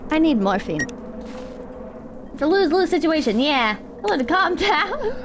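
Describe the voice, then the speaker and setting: This young streamer's voice sits high and sing-song, moving at an ordinary pace. Chatting casually as she plays, she fills the commentary with sarcastic, meandering asides and mock jabs, with background noise clearly present.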